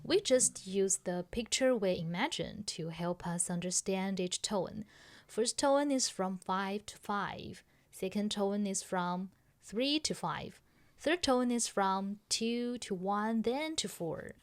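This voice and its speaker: A woman's voice: mid-range voice, expressive, slow pace. A woman teaching a pronunciation lesson on a podcast, taking her time with every phrase. She explains patiently, step by step, and keeps asking whether the listener has followed. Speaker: language teacher and podcast host.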